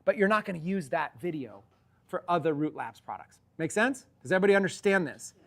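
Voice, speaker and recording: A man's voice: on the high side, expressive, fairly quick, creaky. A man coaching online sellers in a casual, rambling teaching talk, often repeating himself.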